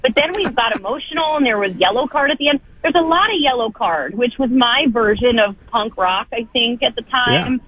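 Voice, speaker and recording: A woman in her thirties, a guest on a radio show by phone, telling stories with lively self-deprecating humor. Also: fairly high pitch, normal speed, few pauses, husky, highs cut off. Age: 30s. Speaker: guest, football TV host. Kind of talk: casual radio interview by phone.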